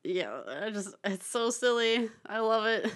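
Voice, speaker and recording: A woman's voice: fairly high pitch, expressive, slow pace. A young woman co-hosting a film podcast, chatting casually with lots of fillers, restarts and laughter. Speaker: podcast co-host. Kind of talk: casual chat about films.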